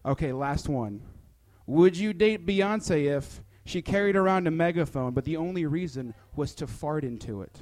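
A man's voice: on the high side, expressive, measured pace, a little mellow. A young man, a stand-up comedian, running a playful bit and then chatting with a host, with a hesitant, filler-heavy way of talking. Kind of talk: comedy bit then casual interview chat.

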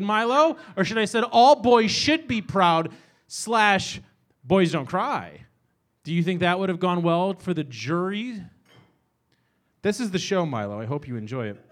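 Middle-aged guy hosting a bar comedy show, high voice, rambles and rants at the crowd. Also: fairly bright tone. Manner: rambling, self-deprecating, rising into exasperated rants. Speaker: host. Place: small bar venue with live audience.

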